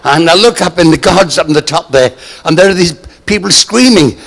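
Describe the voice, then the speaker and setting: An older British man tells anecdotes to a live audience on stage, theatrical in manner and acting out the voices of the people he quotes. His pitch is fairly high, his delivery animated and a little fast, his tone a bit bright, and he's in a large hall.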